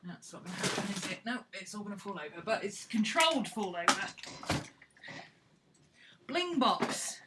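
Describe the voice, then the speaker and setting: A woman's voice: mid-range voice, fast talker, few pauses, very noisy. A woman chatting casually and playfully, thinking aloud as she works on a craft project. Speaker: craft vlogger.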